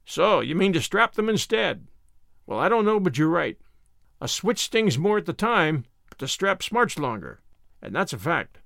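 A man's voice: on the high side, big pitch swings, normal speed, gravelly, a bit bright, no echo, heavily acted. Man voicing a teasing older farmer, blunt, folksy, dry storybook sound.

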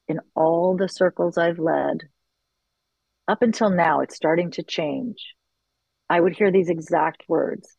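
A woman's voice: lowish voice, gravelly, dry recording, lo-fi sound. Middle-aged woman talking about leading circles, earnest and reflective, dry close mic. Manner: earnest, reflective, quotes others with animated bursts. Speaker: circle facilitator. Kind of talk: conversational interview.

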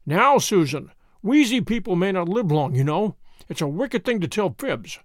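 A sharp, dry-witted detective who questions people crisply and teasingly, as a man voices him. His voice runs high and lively. The sound is dry and close. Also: normal speed, no room sound.

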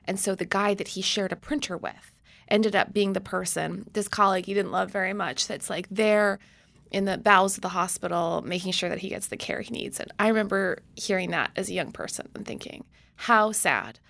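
A woman hosting a podcast interview, laughing and reacting warmly, then telling a reflective story of her own. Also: mid-range voice, fairly quick, creaky. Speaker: podcast host. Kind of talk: conversational interview.

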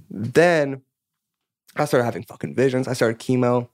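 A man's voice: medium pitch, fairly quick, darkish tone, no echo, studio quality. A man of about thirty, a musician guest in a casual interview, telling his story candidly and rambling, with plenty of "like" and swearing. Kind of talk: casual podcast interview chat.

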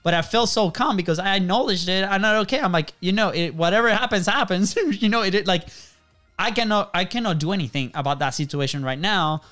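A man in his thirties hosts a relaxed talk show, speaking with a smooth, resonant tone. His voice sits a little higher than most men's. He rambles through his story, restarting phrases and checking in with "right?". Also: fairly quick, soft background music. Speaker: podcast host. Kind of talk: casual chat.

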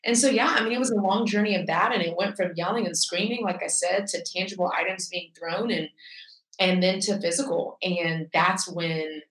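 A woman pastor speaks as a podcast guest, her voice sitting a little low for a woman. She tells her story in an earnest, frank, conversational way. Her voice is set back from the mic in a room with a lot of echo. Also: normal speed, a bit bright, distant mic. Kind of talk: candid personal storytelling.

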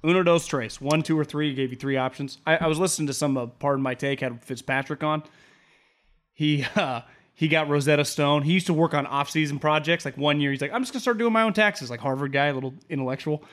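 A man co-hosting a casual sports podcast, rambling and animated, with some swearing. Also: fairly high pitch, fairly quick. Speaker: podcast co-host.

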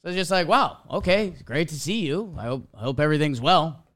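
Speaking a little fast at a fairly high pitch, a young man hosting a podcast relates a casual story. He brings it to life by performing small quotes as he goes.

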